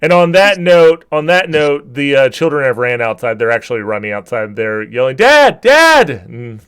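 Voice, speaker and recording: A man's voice: medium pitch, steady tone, fairly quick, clear, resonant tone. A man narrating as game master of a tabletop role-playing game, describing scenes in a loose, rambling way with many restarts.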